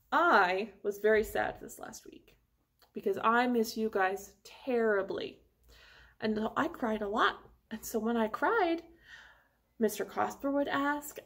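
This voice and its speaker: A woman music teacher runs an online lesson for young children, speaking slowly and encouragingly. Her voice is a little high, and she sings short phrases along with an instrument.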